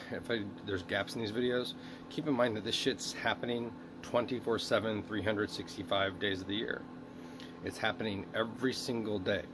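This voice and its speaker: Guy ranting into his video diary, rambling and swearing, noisy hiss behind him. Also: fairly low pitch. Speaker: video diarist.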